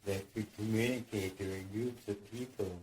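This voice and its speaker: Mellow man telling a dream story. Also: fairly low pitch, steady tone, moderate pace, slight background noise, poor audio. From United States. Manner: rambling, repeats phrases, acts out voices.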